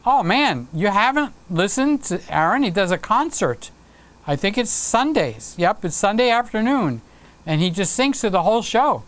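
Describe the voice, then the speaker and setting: A man's voice: high-pitched, very animated, normal speed, fairly bright tone. A man hosting a live stream, chatting casually and playfully with viewers and reading out their comments. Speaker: livestream host.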